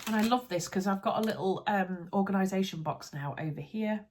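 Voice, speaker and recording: A woman with a Yorkshire accent, chatting casually to camera in her home sewing room while unboxing supplies, bubbly and easily excited. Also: medium pitch, a little fast. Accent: Yorkshire English. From Yorkshire, England. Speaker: sewing vlogger.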